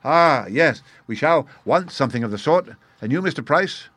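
A man's voice: fairly high pitch, lively intonation, moderate pace, a bit bright, no echo, pitched above the performer's own voice. A man reading the part of a frightened male company manager who speaks with forced politeness. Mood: strained courtesy.

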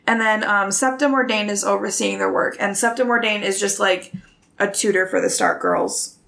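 A woman's voice: medium pitch, normal speed, gravelly, fairly bright tone. A woman casually retelling a book chapter for a podcast, chatty with many fillers. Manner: chatty, many ums and likes. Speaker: podcast host summarizing a book.

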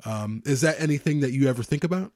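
A man hosting a podcast, asking eager, halting questions in casual chat. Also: medium pitch, expressive, darkish tone, no room sound, studio quality. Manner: enthusiastic, halting, restarts his questions. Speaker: podcast host.

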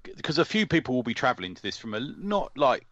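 Brief: man, podcast co-host, joking interviewer, lowish animated voice, dry and muffled sound. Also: fast, no echo. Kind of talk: casual podcast chat.

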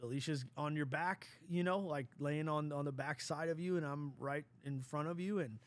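A middle-aged man, a father, talking casually in an earnest, rambling, halting way. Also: a little high. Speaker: father and podcast host. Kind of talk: casual conversation.

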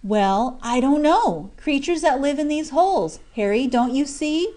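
A woman doing a merry young miner, high and bouncy. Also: a little slow. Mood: jovial. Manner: lively, coaxing, exclamatory. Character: cheerful young male miner, jovial and teasing. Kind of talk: audiobook character voice.

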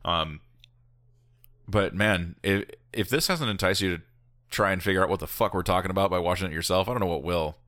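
A man's voice: deep voice, fairly quick, fairly bright tone, no echo, studio quality. A man co-hosting a casual podcast, eagerly explaining story details to his co-host. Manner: enthusiastic, explains plot details. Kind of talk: casual chat.

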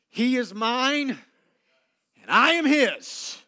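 A man preaching a sermon, moving between loud emphatic declarations and hushed, low passages with dramatic pauses. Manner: slow deliberate delivery with dramatic pauses. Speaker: pastor.

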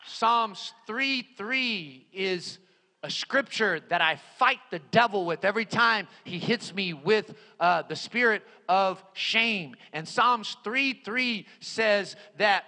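A man preaching a sermon, repeating his phrases and swinging between loud emphatic lines and hushed ones. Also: high-pitched, animated, a little slow. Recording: long hall reverb.

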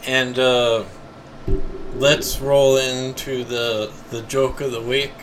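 A man's voice: medium pitch, little pitch movement, slow pace, noisy background. Man co-hosting a chatty podcast. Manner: hesitant, lots of ums. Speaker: podcast co-host. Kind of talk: casual chat.

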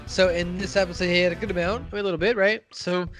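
A man's voice: sits high, steady tone, quick pace, fairly bright tone, faint music behind. A man casually recapping a cartoon episode, acting out the characters' lines and laughing often. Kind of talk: casual chat.

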